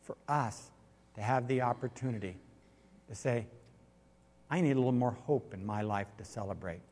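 A man preaching a sermon as pastor, swinging from loud exhortation to quiet storytelling. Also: mid-range voice, moderate pace. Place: church sanctuary. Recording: long reverb of a large hall.

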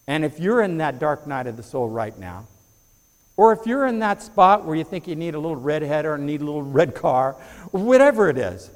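A man preaching a sermon to his congregation, moving from quiet reflection to rising, fervent emphasis. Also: on the high side, big-room sound. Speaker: pastor. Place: church sanctuary before a congregation.

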